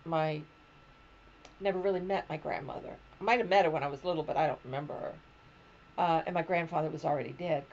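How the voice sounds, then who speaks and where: A woman's voice: on the low side, creaky, darkish tone, dull audio, a little hiss or hum. A woman in her seventies, hosting a crochet show, telling family stories in a rambling, casual chat from home. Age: 70s. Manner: rambling personal storytelling. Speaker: crochet podcast host.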